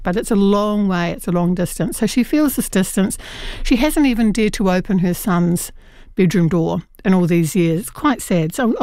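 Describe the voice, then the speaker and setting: A woman talks through a book review in an earnest, conversational way, stumbling over fillers and restarts. Her voice is smooth and clear, recorded close and dry with no room sound. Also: mid-range voice, darkish tone, no echo. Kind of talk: radio book review chat.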